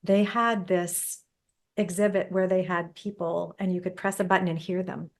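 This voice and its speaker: A woman's voice: on the low side, steady tone, moderate pace. A woman from Canada, hosting a casual interview and thinking aloud with frequent restarts. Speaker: podcast host.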